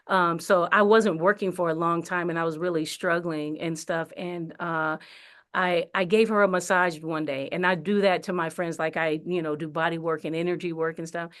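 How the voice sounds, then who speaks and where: A woman's voice: lowish voice, steady tone, moderate pace, fairly bright tone. A woman, an actress, telling her story in a casual interview, chatty with many fillers and restarts. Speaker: actress and singer, interview guest. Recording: radio studio interview.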